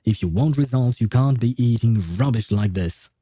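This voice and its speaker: A man's voice: medium pitch, moderate pace, warm tone, no room sound, close to an everyday voice. A man voicing a stern, contemptuous female coach in a video game. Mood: scolding. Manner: scolding, contemptuous.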